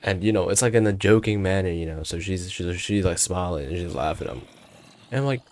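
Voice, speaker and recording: Teen guy rambling about school, kinda low voice, swears a lot, super casual. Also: brisk. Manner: slangy and profane, rambling with restarts. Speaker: student storyteller. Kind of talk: casual storytelling monologue.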